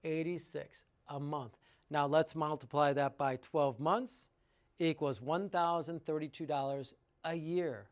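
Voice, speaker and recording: A man's voice: fairly high pitch, fairly even intonation, unhurried. A man giving an informal sales talk about water treatment, working through sums aloud with enthusiasm and rhetorical questions.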